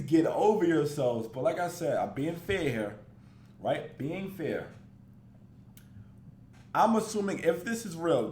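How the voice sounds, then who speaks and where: Guy doing a reaction vid, high lively voice, mocking n cussing a lot, roomy echo. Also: a little hiss or hum. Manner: animated, mocking, swears freely. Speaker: reaction video host. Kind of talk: casual reaction commentary.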